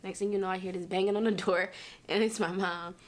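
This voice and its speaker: Fast-talking young woman recounting a story. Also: mid-range voice, fairly even intonation. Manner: rushed, vivid retelling with repeated phrases. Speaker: interviewee. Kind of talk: emotional storytelling.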